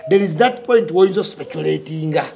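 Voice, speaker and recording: A man chatting on a talk show, animated and storytelling, mixing English words into his speech. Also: fairly high pitch, fairly quick, vocal fry, background noise. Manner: animated storyteller, mixes English into Luganda, often asks "okitegeera?". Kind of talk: casual political chat.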